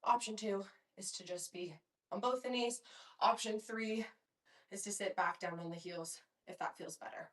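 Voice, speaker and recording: A woman's voice: medium pitch, normal speed, fairly bright tone, recorded from a distance. Woman, young adult, pilates instructor, out of breath, encouraging, counting reps, echoey room. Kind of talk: guided workout instruction. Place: home workout room.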